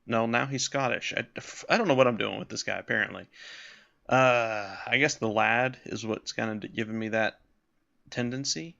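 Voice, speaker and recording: A man's voice: mid-range voice, moderate pace, vocal fry, sharp tone. A man casually commenting while playing a role-playing game, musing aloud with self-deprecating asides. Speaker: let's play host voicing characters. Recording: slightly dull lo-fi sound.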